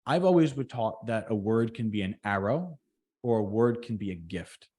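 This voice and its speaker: A man co-hosting a casual podcast, an electrician who talks in a deliberate, reflective way and slows down on purpose to make a point. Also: lowish voice, lively intonation, dark tone. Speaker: podcast co-host.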